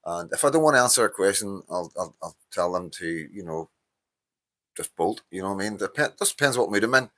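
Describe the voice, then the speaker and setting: Middle-aged Northern Irish man, deep and forceful, worn out, chatty live-stream host. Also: lively intonation, a little fast. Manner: rambling, frequent fillers, greets viewers by name. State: tired. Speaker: livestream host. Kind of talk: casual live-stream chat.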